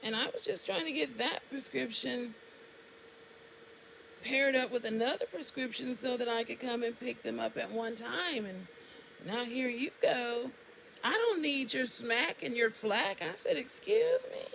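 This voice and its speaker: A woman's voice: fairly high pitch, unhurried, gravelly, a bit bright, slight background noise, poor audio. A woman tells a story to camera in a casual, indignant way, and her voice jumps up sharply on exclamations. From Alabama, US. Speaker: vlogger.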